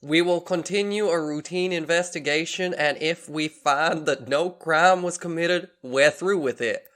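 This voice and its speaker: A man voicing a drawling Southern police lieutenant, reading out official statements slowly and deliberately in a put-on Southern US accent. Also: fairly high pitch, a bit bright, pitched above the performer's own voice.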